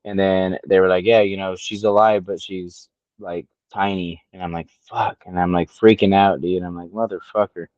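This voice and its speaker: A man in his late thirties tells a story on a casual podcast. His voice sits low, he swears freely, and he acts out what others said. The recording is dry and a bit dull. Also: moderate pace, dry recording. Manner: profane, storytelling, animated quoting. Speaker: podcast co-host.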